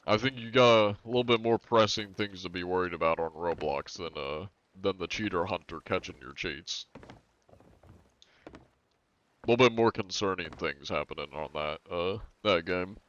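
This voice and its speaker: A man's voice: deep voice, normal speed, a bit bright, dull audio. A man streaming a game live, chatting in a rambling, laid-back way with small chuckles. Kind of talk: casual live-stream chat.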